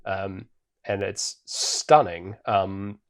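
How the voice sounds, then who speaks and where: A man's voice: low voice, steady tone, extremely slow, a little hiss or hum. A man co-hosting a podcast, casually recapping a film with lots of ums and little laughs. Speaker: podcast co-host. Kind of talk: casual chat.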